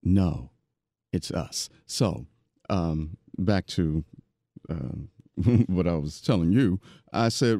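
A man hosting a podcast, talking in an animated, preachy way and often repeating himself. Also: low-pitched, takes it slowly, dry recording, clean studio sound. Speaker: podcast host. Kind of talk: casual podcast interview.

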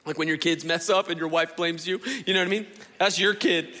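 Impassioned preacher man, bright voice. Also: on the high side, fairly even intonation, fast talker, in a large hall, a little hiss or hum. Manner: impassioned, conversational, asks the crowd questions. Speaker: pastor. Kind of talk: sermon. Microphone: stage microphone.

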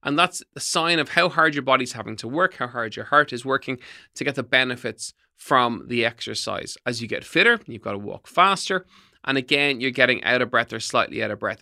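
Middle-aged male podcast host, bright voice, emphatic coaching delivery. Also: mid-range voice. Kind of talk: solo podcast talk, tips.

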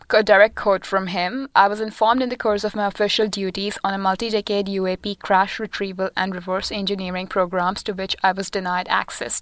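A young woman walks her co-hosts through a news story, pausing and restarting as she goes. Her pitch is middling, and the sound is close and dry. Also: clear, resonant tone, no room sound. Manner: explanatory, with hesitations and restarts. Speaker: co-host presenting a science segment. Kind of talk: casual podcast chat.

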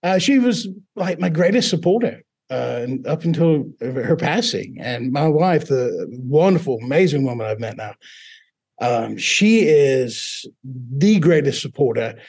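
The speaker is a middle-aged Mississippian with a British-sounding accent brought on by foreign accent syndrome, sharing his story as an interview guest. He acts out the voices he quotes, speaking at a measured pace in an expressive, husky, darkish, medium-pitched voice.

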